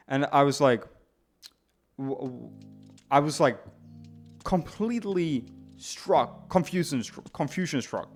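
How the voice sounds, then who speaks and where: Non-native English-speaking male streamer, slightly tipsy, rambling and animated, stumbling over his words, faint music behind him. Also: mid-range voice, takes it slowly, pauses often. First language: not English. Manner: rambling, animated, frequent restarts and stammers. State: slightly drunk. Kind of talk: casual storytelling to stream chat.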